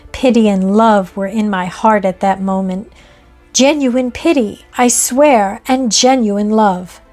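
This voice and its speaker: A woman reading a ghost story aloud in a measured, expressive way. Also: medium pitch. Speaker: narrator. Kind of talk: scripted ghost story narration.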